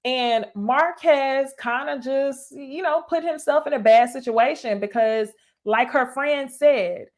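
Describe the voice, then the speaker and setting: A woman's voice: sits high, slow pace. A young woman giving casual reaction commentary on a reality show, blunt and profane, laughing often and talking straight to her viewers. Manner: addresses viewers directly as "y'all". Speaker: YouTuber reviewing a reality dating show.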